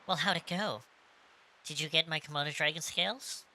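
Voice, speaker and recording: A streamer voicing a stern but gentle young woman, reading her game lines softly and wistfully. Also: medium pitch, normal speed, pitched above the performer's own voice. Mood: friendly.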